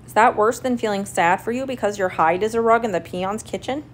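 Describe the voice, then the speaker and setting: A woman voicing a clever little male mouse in a storybook reading, calm and crafty as he bargains. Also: mid-range voice, a little fast, a little hiss or hum, natural voice. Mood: bargaining.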